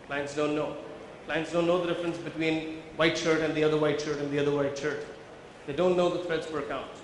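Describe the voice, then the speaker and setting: In a very echoey conference hall with a live audience and faint background noise, a man lectures as a visual merchandising trainer. His pitch is fairly high. He engages listeners by quizzing them and explains things step by step in a workshop with audience questions.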